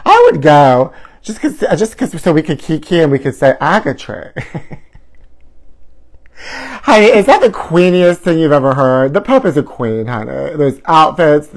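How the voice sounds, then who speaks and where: A man's voice: on the high side, sing-song, unhurried. A man hosting a live gossip show, flamboyant and sing-song, calling his viewers honey. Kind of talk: campy live-stream gossip chat.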